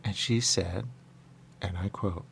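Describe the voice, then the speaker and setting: A man's voice: low voice, fairly even intonation, slow pace, gravelly, a bit bright, husky. A man hosting a radio show, rambling in a loose monologue full of repeated catchphrases and acted-out quotes. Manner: meandering, repeats catchphrases, acts out quoted voices.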